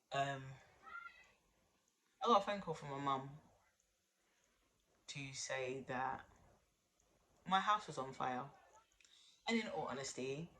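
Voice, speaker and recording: Blunt, bright-voiced woman. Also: low voice, a little hiss or hum. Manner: blunt, swears freely, chatty asides to viewers. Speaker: vlogger. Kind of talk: candid personal storytelling.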